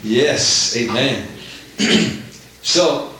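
Man, preacher, sermon, fervent, bright forceful voice, a bit high, very echoey room. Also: extremely slow, slight background noise. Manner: fervent, rising to emphatic outbursts.

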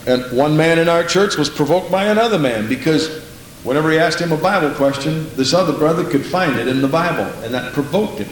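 A man's voice: on the high side, lively intonation, brisk, roomy sound, a little hiss or hum, low-quality recording. Exhorting man teaching in a church. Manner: exhorting, repeats phrases, says "Praise the Lord". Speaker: Sunday school teacher. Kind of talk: sermon-style Bible lesson.

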